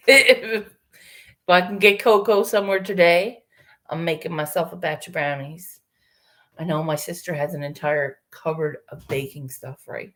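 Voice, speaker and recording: A woman's voice: fairly low pitch, unhurried, fairly bright tone. A woman casually chatting with her livestream viewers, rambling, swearing freely and laughing often.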